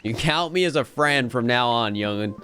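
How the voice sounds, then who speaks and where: A man's voice: mid-range voice, lively intonation, moderate pace, sharp tone, faint music behind. A man voicing a drowsy, friendly male sea serpent with a folksy Southern accent and homespun sayings. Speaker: gamer voicing a game character.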